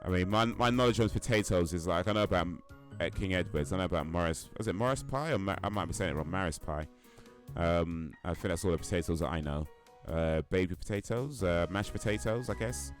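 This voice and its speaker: A man's voice: low voice, fairly quick, soft background music. A man streaming a game, chatting casually and rambling as he answers questions from chat.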